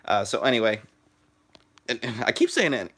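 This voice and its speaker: A teenage boy rambles through a live stream on his phone, his voice at an ordinary middle pitch. He stops and restarts sentences all the time and fills the gaps with "uh" and "like". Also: very animated, bright, forceful tone, breathy edge. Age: teens. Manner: halting, full of "uh" and "like", restarts sentences.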